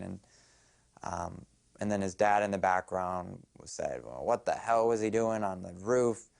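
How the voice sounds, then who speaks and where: A young man in a documentary interview, recalling a loss in a halting, quiet way. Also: deep voice, gravelly, dry recording. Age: young adult. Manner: halting, quiet, grief-stricken recollection.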